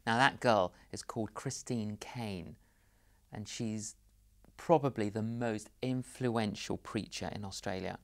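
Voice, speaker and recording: A man's voice: fairly low pitch, a little slow, gravelly. A middle-aged man from London, an evangelist guest telling anecdotes in an interview and acting out both sides of the conversations. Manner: animated storyteller, acts out both sides of conversations.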